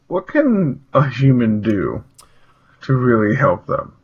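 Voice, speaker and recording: A man's voice: mid-range voice, big pitch swings, slow, breathy edge, highs cut off. A man co-hosting a podcast, cutting in with short, skeptical questions in casual chat. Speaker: podcast co-host.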